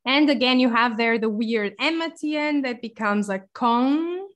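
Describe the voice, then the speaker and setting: A young woman with a Portuguese accent teaching phrases in a patient online lesson, repeating words slowly. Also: fairly high pitch, fairly bright tone. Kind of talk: slow explanatory online lesson.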